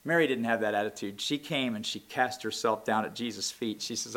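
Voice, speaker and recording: Bright-voiced preaching man. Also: on the low side, brisk, hardly any pauses. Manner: preaching, rising to loud impassioned peaks; reads scripture aloud in King James wording. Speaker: pastor. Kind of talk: sermon.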